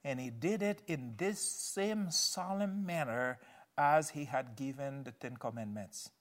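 A man preaching a sermon as a pastor, earnest, his voice swelling loud and then dropping low. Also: unhurried.

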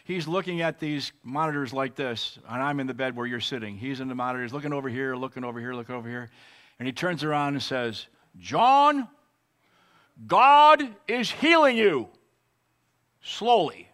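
A man's voice: medium pitch, steady tone, a bit bright. Earnest male pastor telling his story. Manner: earnest, emotional storytelling with pauses. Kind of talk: sermon with personal testimony.

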